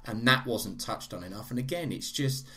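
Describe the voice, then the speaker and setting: A man co-hosting a podcast, raising measured, critical questions about a film. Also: medium pitch, bright, forceful tone. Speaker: podcast co-host. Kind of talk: casual film-review chat.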